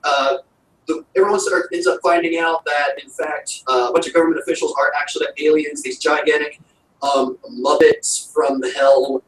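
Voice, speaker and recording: A man's voice: on the high side, steady tone, normal speed, fairly bright tone. A man giving a rambling, casual recap of a TV episode, full of fillers. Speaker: show reviewer. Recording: roomy, distant mic with faint noise.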